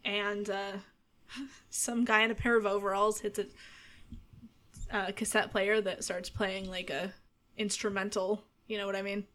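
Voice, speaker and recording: A woman's voice: medium pitch, little pitch movement, measured pace, pauses often, a bit bright. A woman narrating as a game master, talking in a chatty way with many fillers.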